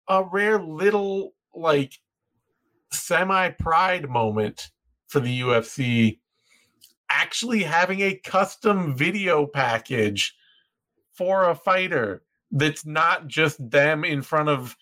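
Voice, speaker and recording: A young man co-hosting a podcast, talking in quick, excited, rambling bursts. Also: a little high. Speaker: podcast co-host. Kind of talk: casual podcast chat.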